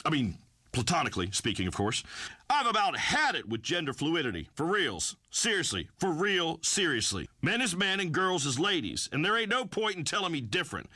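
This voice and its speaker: An actor playing a brash, folksy redneck farmer who hosts a talk radio show, blustering through rambling pronouncements. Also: male voice, on the high side, big pitch swings, normal speed, sharp tone, dry recording, studio quality, full character voice. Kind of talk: comic talk radio acting.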